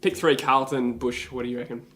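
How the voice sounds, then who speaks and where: A man's voice: mid-range voice, fairly even intonation, a little fast, fairly bright tone. A young Australian man hosting a casual sports podcast, steering the talk with loose fillers. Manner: runs the segment, loose with fillers. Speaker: podcast host. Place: room, on camera.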